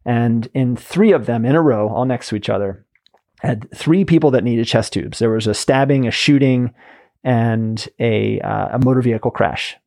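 A man hosting a podcast in a relaxed, chatty way, speaking in a mid-range voice. His stories tumble out quickly and loosely. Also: mid-range voice, vocal fry. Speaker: podcast host. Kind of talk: podcast conversation.

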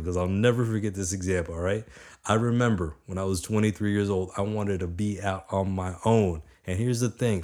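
A young man with a low, deep voice delivers a motivational talk straight to his listeners. He speaks with energy and a casual, chatty manner, hammering points home by repeating them. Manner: energetic, conversational, repeats for emphasis.

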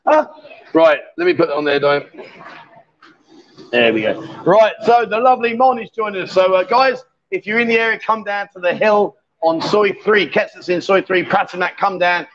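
A man with a high, light voice hosts a live stream from a bar, teasing and joking with his guests in easy banter. The audio is dull and lo-fi. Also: animated, moderate pace, fairly bright tone. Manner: teasing, jokey and chatty. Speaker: livestream host.

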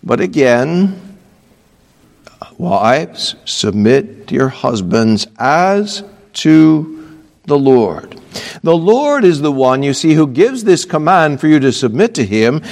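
Slow, lively-pitched male pastor preaching. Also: long reverb tail. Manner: earnest, emphatic preaching with asides. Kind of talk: sermon. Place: church pulpit.

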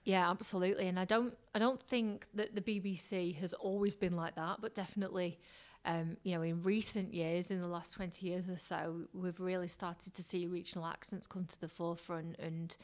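A woman's voice: on the low side, fairly even intonation, normal speed, few pauses, darkish tone. A woman with a Northern English accent, a radio broadcaster speaking candidly as an interview guest. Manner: candid, chatty, with fillers like "like". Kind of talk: casual interview chat.

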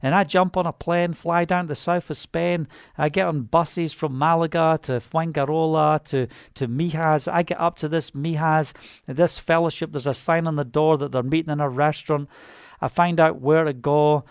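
A man's voice: a little high, fairly even intonation, moderate pace, clean tone, no echo, clean studio sound. A man minister giving a personal testimony sermon, fervent and rambling, with many "you know" fillers.

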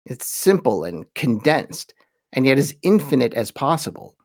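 A man hosting a podcast, giving an informal lecture on religious history and slowing down to read quotations with weight. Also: medium pitch, sing-song, a little mellow, no echo, clean studio sound.

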